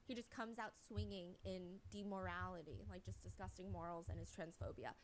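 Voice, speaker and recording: A woman's voice: lowish voice, normal speed, a little hiss or hum. A woman narrating a commentary video, reading a prepared script in a sarcastic, blunt way.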